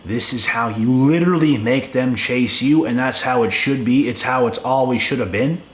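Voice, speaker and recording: A young man, a video creator, rants bluntly and casually to the camera, profane, emphatic, and often repeating himself. His medium-pitched voice moves at a moderate pace in an echoey room with faint ambience.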